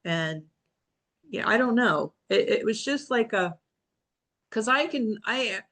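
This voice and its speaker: A woman's voice: fairly high pitch, animated, takes it slowly, a bit bright. A woman in a casual group video call, talking reflectively and rambling, often restarting and quoting herself. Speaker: book club member.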